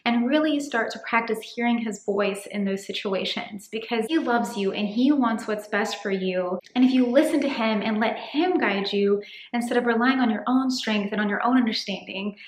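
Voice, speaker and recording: Woman, 30s, faith vlogger; slightly higher voice, earnest and encouraging, a little breathless, roomy echo. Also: normal speed. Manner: earnest, encouraging, gently preachy. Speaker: faith-based dating vlogger. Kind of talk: casual to-camera vlog talk. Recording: echoey room.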